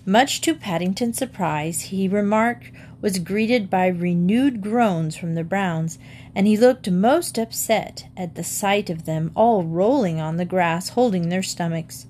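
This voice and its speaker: A woman's voice: mid-range voice, a little mellow, a little hiss or hum. Woman reading a storybook aloud. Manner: measured, clear storytelling. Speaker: narrator.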